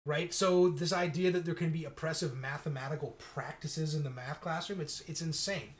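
A man co-hosting a casual podcast, talking in a sarcastic, incredulous way and quick to mock ideas he finds absurd. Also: a little high. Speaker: podcast co-host.

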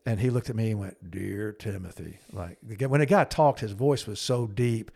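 A middle-aged man co-hosting a podcast, telling a counseling story in an earnest, halting way and acting out quoted speech in a low, hushed voice. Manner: earnest, halting, with frequent restarts and fillers. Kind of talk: conversational storytelling.

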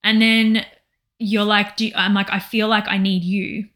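A woman's voice: medium pitch, little pitch movement, normal speed, a bit bright. A woman co-hosting a podcast in casual personal chat, rambling and emotional, often quoting herself. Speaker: podcast co-host.

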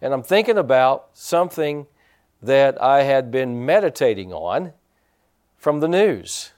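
A man's voice: mid-range voice, very animated, measured pace, darkish tone. A man preaching a sermon to his congregation in church, folksy and rambling, breaking off for asides to people in the pews. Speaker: pastor.

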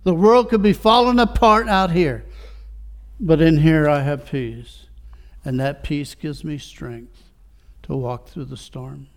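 A male pastor preaching a sermon, using many rhetorical questions and swinging between quiet reflection and rising fervor. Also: a little high, slow.

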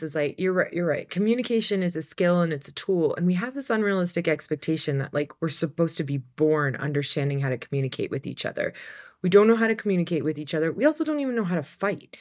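A woman with a fairly low voice chats in a podcast. She is animated and laughs often, and she leans hard on key words as she talks. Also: quick pace. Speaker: coach. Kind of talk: casual podcast conversation.

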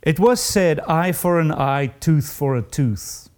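A man delivering a sermon at an unhurried, deliberate pace. His voice is warm and mellow, and his pitch sits a little high for a man. He preaches earnestly and confessionally, climbing higher when he stresses difficult verses.

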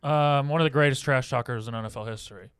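A young man co-hosting a podcast in casual chat, dry and joking as he reads birthday shout-outs into a close mic. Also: medium pitch, fast talker, smooth, no room sound. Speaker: podcast co-host.

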